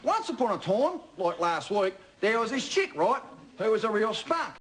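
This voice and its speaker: A swaggering, rough-talking crook telling a crude yarn. His voice rides high and swings widely, with loud film music behind it. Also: very animated, moderate pace. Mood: boastful.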